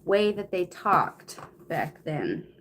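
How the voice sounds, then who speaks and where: A woman's voice: fairly low pitch, sing-song, slow pace, a bit bright, a little hiss or hum. Flustered young woman reading aloud. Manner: flustered, swearing, complains casually. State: out of breath. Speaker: reader. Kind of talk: reading a novel aloud on a stream.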